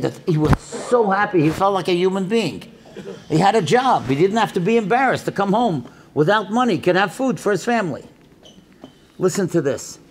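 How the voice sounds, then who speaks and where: An older man tells stories at a religious event, acting out each person's lines. His voice sits high for a man and jumps all over the place, rising and dropping with every character he plays. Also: slight background noise. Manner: animated storyteller who acts out dialogue. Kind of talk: storytelling talk.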